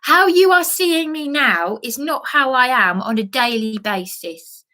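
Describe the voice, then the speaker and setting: English woman venting on her vlog, high voice, rambly and worked up, swears a lot. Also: expressive, a little slow, pushed and bright. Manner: agitated, rambling, swearing, repeats herself; mimics other people in high put-on voices. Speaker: vlogger. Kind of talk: emotional vlog monologue.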